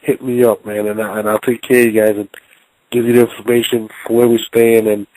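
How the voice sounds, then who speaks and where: A man hosting a call-in show, talking casually, loudly and profanely, often repeating words as he rambles. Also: on the low side, little pitch movement, fairly quick, no room sound, poor audio. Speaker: show host.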